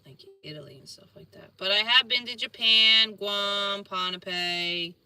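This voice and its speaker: A woman's voice: mid-range voice, a little slow, sharp tone, clean tone, far from the mic. A woman with a Philadelphia accent talking casually on a livestream, rambling at times and turning combative and emphatic. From Philadelphia and New York. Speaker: spiritual healer streamer answering viewers.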